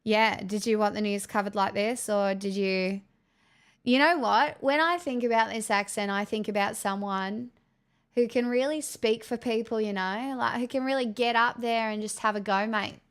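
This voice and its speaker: A brash ocker ranter with a thick, nasal, broad Australian accent, put on by a woman. The voice swears and rambles in a coarse drawl, pitched a little high and carried by a smooth, clear tone. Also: steady tone, moderate pace, close to an everyday voice. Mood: blustering. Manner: crude, swearing, rambling ranting.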